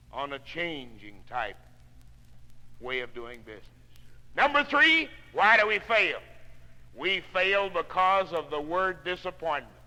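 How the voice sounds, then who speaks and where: A man giving a folksy motivational speech to salespeople, telling homespun stories and swinging from hushed tones to loud ones, on a 1960s spoken-word record. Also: a little high, big-room sound, poor audio.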